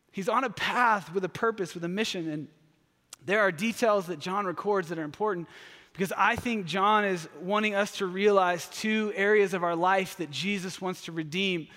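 A man preaching a sermon, energetic and humorous, slipping into playful voices for asides. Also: high voice, in a large hall. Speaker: pastor.

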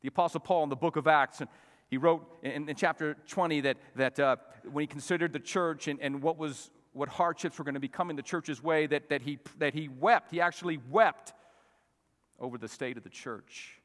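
A male pastor preaching a sermon, swinging from loud, emphatic peaks down to soft, quiet asides. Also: fairly high pitch, a little fast. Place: church sanctuary. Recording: long reverb of a church hall.

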